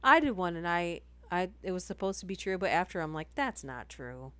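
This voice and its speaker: Woman, casual live-stream chat, rambling, self-interrupting, lowish voice, dry close mic. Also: expressive, fast talker, a bit bright, clean tone, no room sound. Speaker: horror story reader and streamer.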